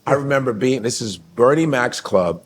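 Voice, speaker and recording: Man, co-host, comedian, lively storyteller, acts out voices, mid pitch, faint background noise. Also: normal speed. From United States. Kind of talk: animated comic storytelling.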